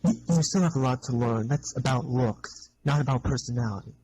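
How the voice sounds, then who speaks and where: A man's voice: mid-range voice, brisk, mellow, slight background noise, poor audio. A man taunting and bossing someone around in a mocking tone. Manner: mocking and bossy. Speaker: prank caller. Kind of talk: taunting phone chat.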